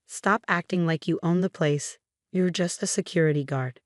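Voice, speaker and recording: A woman narrating voicing a condescending, dismissive adult sister in a fake-sweet manner, in a low voice. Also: moderate pace, no echo, clean studio sound, lightly acted. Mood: mocking.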